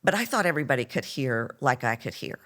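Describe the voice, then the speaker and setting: A woman's voice: extremely low pitch, quick pace. A middle-aged woman with a Texan accent, a voice coach telling her story animatedly in an interview. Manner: animated storyteller, acts out quoted lines.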